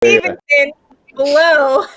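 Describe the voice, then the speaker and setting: A woman co-hosting a casual sports chat show, telling stories in an animated, laughing way. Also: high voice, slow. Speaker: co-host.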